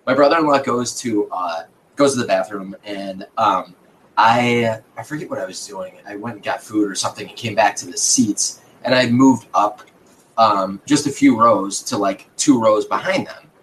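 A man's voice: on the low side, normal speed, a bit bright, slight background noise, rough recording. A man host telling a casual story in a podcast chat, swearing freely and breaking into laughter.

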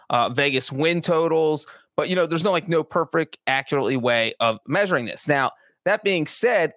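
A man's voice: fairly high pitch, a bit bright, dry recording. A man co-hosting a sports podcast, talking through his views in a chatty way with frequent restarts. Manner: chatty, many restarts and asides. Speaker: sports writer and podcast co-host. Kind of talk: casual podcast analysis.

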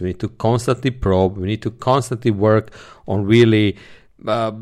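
A man hosting a solo podcast, teaching sales techniques and stressing key words in his examples. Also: on the low side. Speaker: podcast host, sales trainer.

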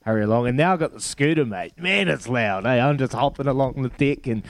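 A man's voice: mid-range voice, a little fast, dry recording. A man in his thirties with a New Zealand accent, chatting casually as a radio guest, laid-back and laughing as he tells stories. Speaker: radio guest, former rugby player. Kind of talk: casual chat.

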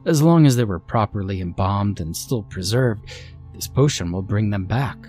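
Man playing an insistent, excitable inventor, earnest, pushy. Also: fairly low pitch, normal speed, faint music behind, lightly acted. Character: eager male inventor with a miracle potion.

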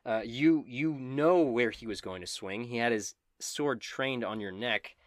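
A man's voice: mid-range voice, no room sound, clean studio sound. A man running a tabletop game as game master, narrating in a casual, profane way. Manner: casual, profane, quick asides.

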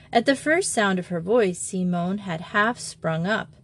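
A woman reads a storybook aloud in an unhurried, measured manner. Her pitch sits mid-range for a woman, and she takes each phrase slowly. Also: lively intonation. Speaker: audiobook narrator. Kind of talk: scripted narration.

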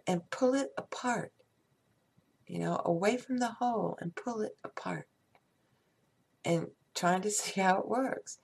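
A woman talking casually about faith and acceptance, rambling, with soft spoken affirmations. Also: medium pitch, gravelly, husky. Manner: slow, meandering, soft affirmations. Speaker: spiritual speaker. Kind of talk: casual spiritual talk.

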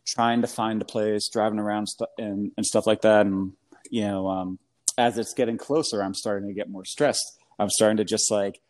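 A man's voice: on the low side, moderate pace. An American man from New England, in his thirties, telling a rambling story in casual chat, full of fillers and laughs. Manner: rambling, animated, heavy fillers, laughs often. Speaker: guest.

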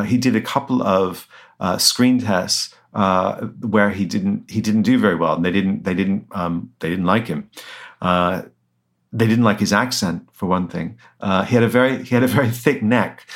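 A man with a fairly low voice answers questions about his book in a loose, conversational way. He talks with plenty of fillers, pauses and restarts. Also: fairly bright tone. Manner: hesitant, many fillers and restarts. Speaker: author guest.

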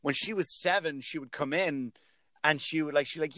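A middle-aged man sits close to the mic in a dry, dead room, his voice pitched a bit high for a man. He tells crude stories in a loose, animated way, jumping into quoted voices as a comedy podcast host. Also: normal speed, no echo. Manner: animated, profane storytelling with acted-out quotes. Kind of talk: casual podcast chat.

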